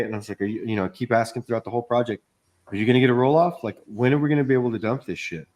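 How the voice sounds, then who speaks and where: A man's voice: medium pitch, very fast, darkish tone. A man in casual podcast chat, telling a long job-site story in a rambling way, swearing often and acting out what people said. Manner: rambling storytelling, swears a lot, acts out quotes. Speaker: podcast co-host, contractor.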